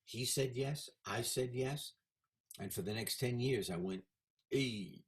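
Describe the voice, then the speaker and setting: A man in his seventies, a guest in a casual interview, telling animated stories about his career. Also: medium pitch, unhurried. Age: 70s. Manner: animated anecdotal storyteller.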